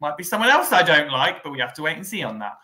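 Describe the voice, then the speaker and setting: Casting note: male podcast co-host with a bright, forward tone, casual and conversational. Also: a little high, big pitch swings, quick pace. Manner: conversational, thinks aloud with fillers. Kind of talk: casual recap chat.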